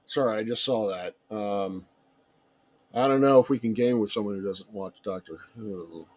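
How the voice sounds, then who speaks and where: A man chatting casually as a guest on a livestream, with a hesitant, halting delivery. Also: lowish voice, a little mellow. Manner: hesitant, lots of fillers and restarts.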